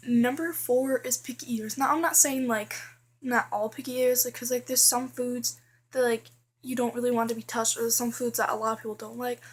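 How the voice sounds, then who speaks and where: A woman's voice: fairly high pitch, a little hiss or hum. A teenage girl vlogging casually, chatty and full of fillers, complaining about things that annoy her. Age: teens. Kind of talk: casual list vlog.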